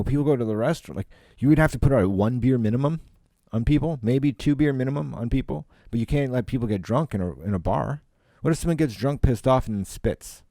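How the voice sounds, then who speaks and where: A Canadian comedian rambles on his solo podcast from home, swearing often and using plenty of fillers. His medium-pitched voice is mellow, and the home podcast mic gives a clean studio sound with no room noise.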